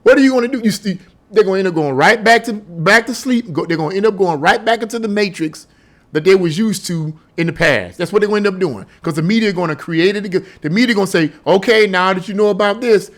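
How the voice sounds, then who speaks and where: A man's voice: high voice, quick pace. A man giving his political opinions in a casual vlog, emphatic and scoffing, with lots of rhetorical questions. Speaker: political commentator.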